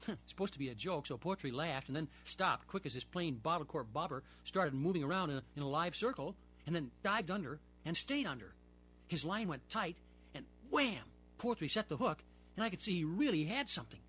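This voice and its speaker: Husky man reading a lively children's story. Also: fairly high pitch, a little fast.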